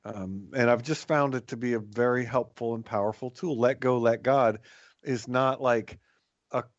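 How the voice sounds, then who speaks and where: A man co-hosting a reflective spiritual talk about recovery, speaking in a thoughtful, measured way with some restarts. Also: medium pitch, steady tone, no echo, dull audio. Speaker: podcast co-host in recovery.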